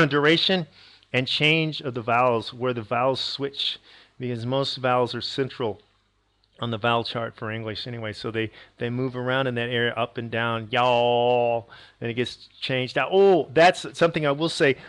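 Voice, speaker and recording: A man's voice: medium pitch, fairly bright tone. Guy rambling through a language lesson, keeps restarting his sentences, laughs a bit. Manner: rambling, self-correcting, chuckles often. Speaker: language teacher. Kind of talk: casual video lecture.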